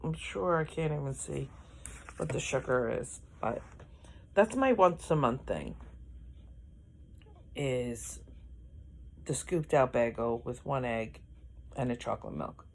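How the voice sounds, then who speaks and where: Deep gravelly new lady rambling slowly in her vlog, keeps yawning. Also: expressive, a little mellow, slight background noise. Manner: rambling, self-correcting, yawning often. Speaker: vlogger. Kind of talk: casual vlog chat.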